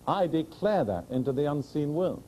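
Dark-voiced preacher delivering an earnest sermon. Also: male voice, on the high side, very animated, a little hiss or hum, poor audio. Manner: earnest, direct, rhetorical questions to the congregation; slows and rises to proclaim scripture.

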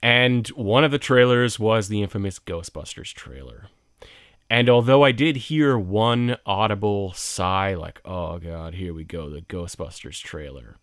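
A man with a low voice gives emphatic, conversational opinion commentary for his channel. He is recorded close up in a dry, dead-sounding room. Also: a bit bright, no echo. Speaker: video commentator.

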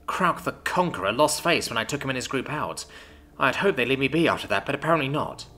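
A man voicing a young, mild-mannered female mage student who speaks calmly. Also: mid-range voice, fast, voice pushed up. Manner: calm, soft-spoken.

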